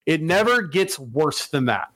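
A man's voice: on the high side, big pitch swings, a little slow, bright, forceful tone, no echo. A man hosting a casual podcast chat, rambling and profane, with many restarts.

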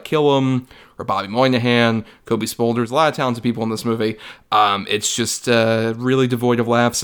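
A young man talks through a movie review on a podcast, rambling along with plenty of "like"s and casual swearing. His pitch sits at an ordinary middle height. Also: fairly bright tone. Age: young adult. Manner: rambling, many filler likes, swears casually. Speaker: podcast co-host. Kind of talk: casual film review chat.

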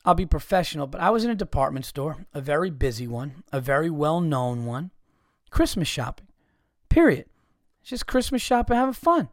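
Man, podcast host, swearing a lot, fairly high voice, dry close sound. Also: normal speed, no echo. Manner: profane, animated storytelling with frequent restarts. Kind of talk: casual comedic rant.

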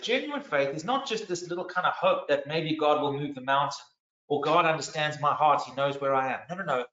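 A man with a high, bright voice preaches in a sermon. He is earnest and emphatic, and he repeats and restarts phrases as he drives his point. The sound is roomy and a little dull. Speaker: pastor.

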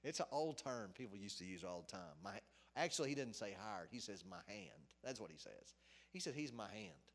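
A man's voice: lowish voice, sing-song, brisk, vocal fry. A middle-aged man giving an informal sermon in a conversational, rambling way, with asides and restarts. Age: middle-aged or older. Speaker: preacher. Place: office. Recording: long hall reverb.

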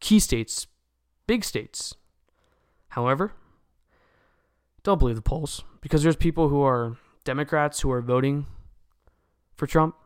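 Earnest man lecturing, smooth voice. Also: medium pitch, moderate pace, long pauses, no room sound, clean studio sound. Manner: earnest, lecturing, keeps asking "okay?"; restarts phrases often. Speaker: political commentator. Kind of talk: casual opinion monologue to camera.

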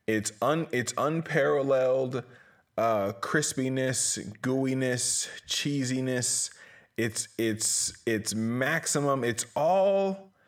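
A man's voice: medium pitch, slow. A man hosting a solo podcast from a small closet, talking in a rambling, profane, self-mocking way. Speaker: podcast host.

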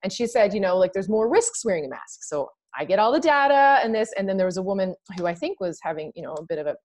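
A woman from Canada hosting a podcast, chatting in an animated, emphatic way and laughing often. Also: mid-range voice, fast talker. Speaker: podcast host. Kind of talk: casual conversation.

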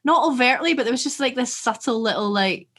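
A woman from Scotland co-hosting a podcast in casual chat, animated and sweary with quick asides. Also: a little high, slightly rough. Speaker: podcast co-host.

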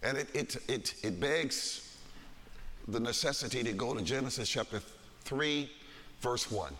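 A man's voice: mid-range voice, normal speed, fairly bright tone, a little hiss or hum. A man preaching a sermon, reading scripture aloud with dramatic emphasis in a church sanctuary. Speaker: pastor. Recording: long hall reverb.

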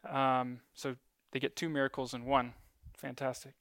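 A man's voice: medium pitch, level tone, normal speed, a bit bright, no echo. A man preaching a casual sermon to a church gathering, talking conversationally with frequent ums and light self-deprecating asides.

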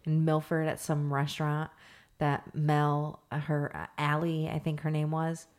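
A young adult woman co-hosting a podcast, sleepy and yawning, talking in a halting way with many fillers. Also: deep voice, monotone, a little mellow. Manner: halting, filler-heavy, apologetic. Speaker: podcast co-host. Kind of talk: casual chat.

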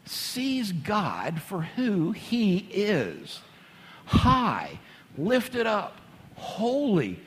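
A man preaching, his voice sitting a little on the high side. He drops to hushed intensity and then climbs to loud, excited bursts. His words ring out with a long reverb, like a big church hall. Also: breathy edge. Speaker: pastor. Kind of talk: sermon.

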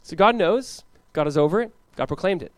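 A man's voice: high voice, no echo. A man preaching an expository sermon as pastor, acting out the characters he talks about. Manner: animated, acts out biblical characters in quick voices.

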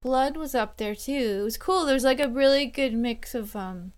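A woman's voice: high-pitched, normal speed. A woman musician guest chatting casually in an interview, hesitant and self-deprecating, with many fillers.

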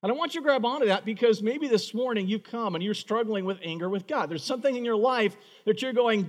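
A man delivers a sermon as pastor, his voice sitting fairly high. He talks emphatically and slips into quoted prayers now and then. The words hang in a long hall reverb. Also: quick pace, few pauses.

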